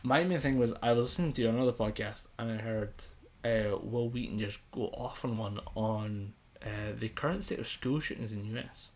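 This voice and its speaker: Young man, podcast co-host, casual sweary banter, mid-pitched voice. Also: normal speed. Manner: sweary, joking, animated. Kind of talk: casual chat.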